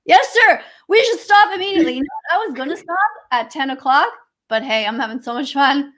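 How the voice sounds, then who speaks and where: Her high-pitched, sing-song voice moves fairly quickly and sounds a bit bright. She's a Canadian woman co-hosting a livestream via video call, reading chat comments and replying with sarcasm and the odd swear word.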